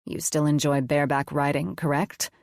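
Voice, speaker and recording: A woman reading an audiobook, voicing a calm, gentle male doctor who speaks with quiet assurance. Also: deep voice, moderate pace, vocal fry, no room sound, studio quality, voice pushed down. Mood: assured.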